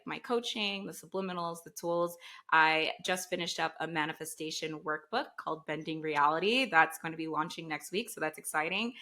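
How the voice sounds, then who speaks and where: A woman's voice: fairly low pitch, bright, forceful tone. A young woman, a mindset coach, speaking earnestly and effusively as a guest in an interview. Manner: earnest, effusive, gets teary. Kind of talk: emotional interview talk.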